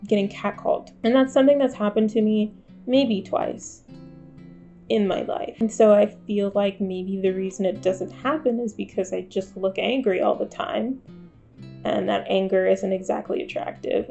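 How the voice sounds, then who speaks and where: This twenty-something vlogger's voice is mid-range, creaky and warm. She addresses the camera candidly, with a dry, self-deprecating humor. Quiet guitar music sits behind her.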